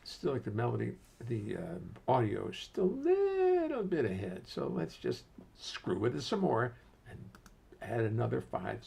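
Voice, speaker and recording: A man's voice: mid-range voice, huge pitch swings, a little slow, creaky, darkish tone, slightly rough. An older man casually hosting a livestream from his home studio, greeting viewers by name and muttering to himself as he adjusts settings.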